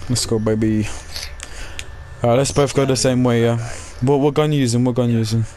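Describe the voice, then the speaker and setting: A young British man chatting casually while gaming, excitedly coaching his teammates. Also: mid-range voice, brisk, crowd noise. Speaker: gamer. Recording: noisy game chat mic.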